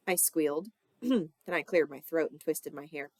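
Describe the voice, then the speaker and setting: Teacher lady reading a kids book out loud, low gravelly voice, dry close sound, does voices for the characters. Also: normal speed, no echo. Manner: reads dialogue with lively character voices. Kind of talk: storybook read-aloud.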